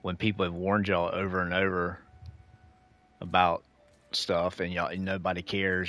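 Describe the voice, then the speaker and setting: A middle-aged man with a very low voice delivers a preachy, lecturing rant to his viewers. He keeps calling them dude and y'all, and the recording sounds close and dry. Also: little pitch movement, moderate pace, fairly bright tone, dry recording, muffled recording. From United States. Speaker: gaming streamer. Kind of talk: casual ranting monologue.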